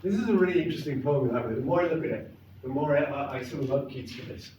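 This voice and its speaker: A man's voice: mid-range voice, expressive, very fast, darkish tone. A middle-aged man giving a conversational, emphatic classroom lecture on poetry. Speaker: literature lecturer. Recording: echoey classroom, mic far off, faint noise.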